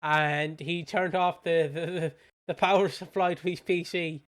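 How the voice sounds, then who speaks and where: A British man talks casually on a podcast and rambles through his recap with plenty of fillers. His voice sits a touch high and sounds clean and resonant. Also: fairly even intonation, measured pace, a bit bright. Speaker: podcast co-host. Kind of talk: casual chat recapping a soap.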